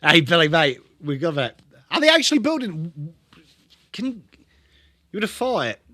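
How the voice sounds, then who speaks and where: A man's voice: a little high, very animated, measured pace, sharp tone, no room sound. A young English man hosting a live football watchalong, calling the play and greeting viewers in a chatty way. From England. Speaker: livestream host.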